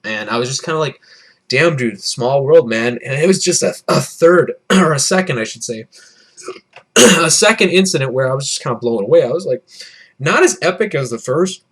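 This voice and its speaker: A man's voice: a little high, animated, fairly quick, a bit bright, breathy edge. A young man in his early twenties, tipsy from beer, telling a rambling, profane, self-deprecating story in a casual vlog. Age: early 20s. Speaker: vlogger.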